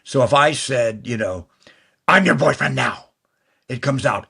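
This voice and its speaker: An older man, a guest actor, telling long stories in an interview, talking fast and restarting phrases as he goes. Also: mid-range voice, animated, vocal fry, pushed and bright, breathy edge. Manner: fast, rambling talker who restarts mid-phrase. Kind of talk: anecdotal interview storytelling.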